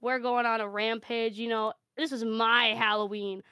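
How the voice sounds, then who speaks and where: A woman telling an improvised comic story with brash, deadpan delivery and free swearing. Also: fairly high pitch, moderate pace, smooth, dry recording, studio quality. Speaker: panelist.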